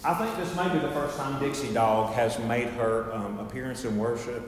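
Folksy pastor in an echoey sanctuary. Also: male voice, mid-range voice, normal speed, crowd noise. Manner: folksy, joking, conversational preaching. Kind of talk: sermon. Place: church sanctuary. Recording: very echoey hall with long reverb.

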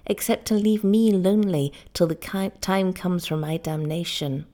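A woman reading the part of a grieving young island husband, low and sorrowful. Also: moderate pace, mellow, lightly acted. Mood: despairing.

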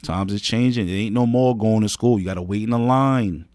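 A man's voice: fairly low pitch, brisk, a little mellow, no room sound, studio quality. A man co-hosting a podcast, giving earnest advice in a casual chat, often repeating himself and saying "man" and "you know what I mean". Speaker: podcast co-host.

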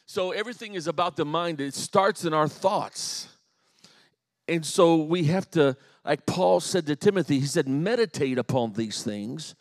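A middle-aged man preaching a sermon in a church, earnest, often repeating words and restarting, swinging between loud and quiet. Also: fairly high pitch, animated, a little slow, no echo, studio quality. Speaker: pastor.

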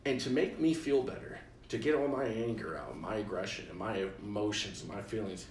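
A young man from Illinois tells a story with a low voice, acting out every line of dialogue and laughing as he goes. He sits a bit back from the mic in a roomy space, with faint ambience behind him. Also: a little fast, far from the mic, a little hiss or hum. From Illinois, USA. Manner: animated storyteller, acts out quotes, laughs often. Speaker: podcast host. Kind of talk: casual storytelling chat.

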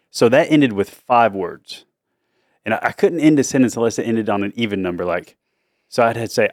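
A man's voice: medium pitch, animated, fast talker, no echo, clean studio sound. A middle-aged man, a dad hosting a family chat show, telling stories in an easygoing way and laughing often. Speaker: dad and podcast host.

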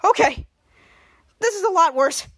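A woman voicing a boastful adult male superhero, reading his lines loudly and theatrically. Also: very high-pitched, animated, a little slow. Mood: dismayed.

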